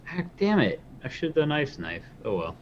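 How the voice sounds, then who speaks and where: A man's voice: a little high, huge pitch swings, a little slow, muffled recording. A man playing a tabletop game, goofy and joking with the table. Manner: goofy, apologetic banter. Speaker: player.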